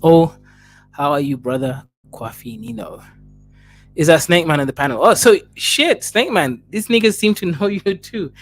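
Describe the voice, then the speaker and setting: A man's voice: sits high, sing-song, moderate pace, fairly bright tone, faint music behind. A man with an East African accent hosting a livestream, laughing and teasing viewers as he reads their messages. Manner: laughing, teasing, talks straight to chatters. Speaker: livestream host. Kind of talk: casual livestream chat reading viewer messages.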